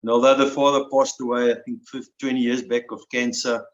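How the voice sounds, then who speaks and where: An older man speaks with feeling, stumbling over his words and repeating them as he goes. His voice sits in an ordinary middle pitch. The recording is roomy and a little dull. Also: flat delivery. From South Africa. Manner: emotional, halting, with many restarts and repeated words. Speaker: interview guest, army veteran. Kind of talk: personal storytelling.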